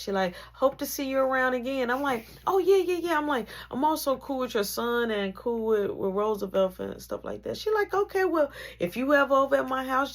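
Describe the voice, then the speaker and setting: Woman storyteller, husky voice, plays every character, hushed to loud. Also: mid-range voice. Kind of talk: animated storytelling.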